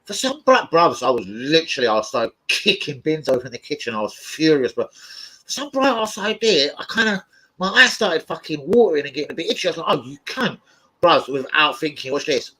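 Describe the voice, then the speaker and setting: His voice is a little high and a little fast, and the sound quality is poor. He's a young man who runs a football fan channel, cursing frequently while animatedly recounting wild tales in casual talk, yelping and laughing along the way.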